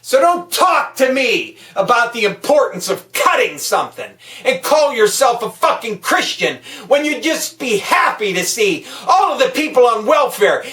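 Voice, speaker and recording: A woman delivering an angry political rant, swearing constantly and shouting as she talks. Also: on the high side, distant mic. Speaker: political vlogger. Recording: echoey room, voice a bit off-mic.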